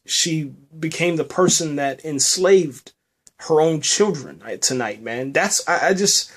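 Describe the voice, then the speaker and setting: A man's voice: fairly high pitch, lively intonation, unhurried, husky. A man hosting a podcast, recapping a TV episode in a rambling, emotional way, restarting often and ending phrases with "man". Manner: somber, emotional. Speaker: podcast host reviewing a TV episode. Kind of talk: casual spoken episode review.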